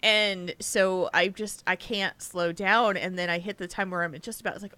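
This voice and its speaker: A woman's voice: medium pitch, steady tone, normal speed, few pauses, pushed and bright, no room sound. A tired woman co-hosting a podcast, chatting casually, rambling and restarting her sentences with frequent laughs. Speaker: podcast co-host. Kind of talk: casual chat.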